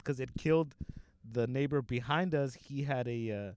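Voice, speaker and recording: A man's voice: mid-range voice, moderate pace, darkish tone, clean tone, no echo. A young man from Southern California telling a rambling, profanity-laced story in casual chat, full of fillers like "like" and "you know.".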